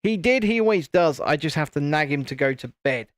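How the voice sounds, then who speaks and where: A man's voice: fairly high pitch, expressive, brisk, no room sound, studio quality. A man, hosting a casual live stream, chatting and teasing while he builds a model. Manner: chatty, teasing, self-deprecating.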